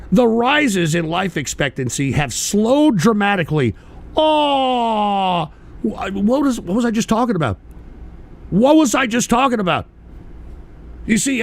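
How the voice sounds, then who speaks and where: A man hosting his own livestream radio show, ranting angrily with lots of swearing and sudden shouted bursts while answering chat. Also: sits high, vocal fry. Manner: profane, combative, shouting bursts. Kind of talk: angry ranting commentary, reading chat.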